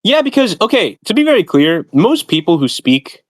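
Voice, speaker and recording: Hosting his stream, this man speaks in a high voice with big swings in pitch and a moderate pace. His casual talk on philosophy and academia meanders, lectures and drifts off track, packed with fillers, in a recording without room sound.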